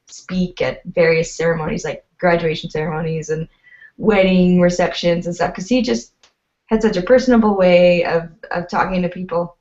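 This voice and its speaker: A woman guest in a casual chat, telling personal stories with a chatty manner. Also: on the low side. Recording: distant dull lo-fi sound.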